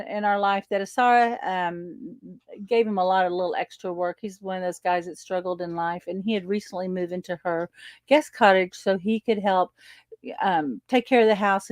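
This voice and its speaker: A woman teacher telling a personal story in an animated way, acting out the exchanges and laughing often. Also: medium pitch, dry recording. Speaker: spiritual teacher. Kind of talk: storytelling monologue.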